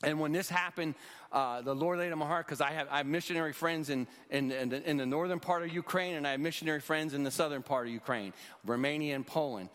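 Talking fast in a high-ish, fairly bright voice, a rescue mission leader in his sixties shares his testimony at a church like an earnest storytelling preacher. Long hall reverb fills the recording.

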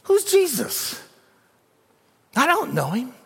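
A man acting out an anguished man at prayer, raised well above his own voice, pleading, exasperated, loud and strained, ringing through a long hall echo. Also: very high voice, wildly swooping pitch, slow pace, creaky, voice pushed up, heavily acted. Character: anguished man praying, weary of his followers.

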